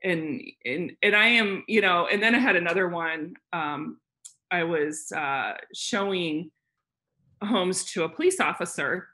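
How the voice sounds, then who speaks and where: A woman real estate agent, a podcast guest, telling lively stories with frequent laughter and lots of fillers. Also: fairly low pitch, unhurried. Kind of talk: casual storytelling chat.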